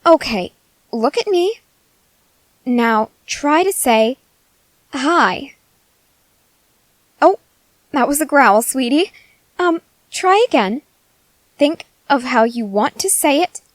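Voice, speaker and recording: A giddy, creepily sweet female scientist, as a woman acts her out in an ASMR role-play. Her voice sits high and leaps all over with delight. She coaxes slowly and fondly, recorded close and dry with no room sound. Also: animated, no echo, rough recording. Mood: coaxing. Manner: gushing, coaxing, cheerfully unsettling.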